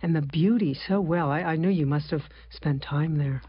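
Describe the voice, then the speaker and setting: An interviewer with a mid-pitched voice asks about the guest's book and affirms his answers often. The sound is dry and close, dull and lo-fi. The tone is engaged and conversational. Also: moderate pace, breathy edge, no echo.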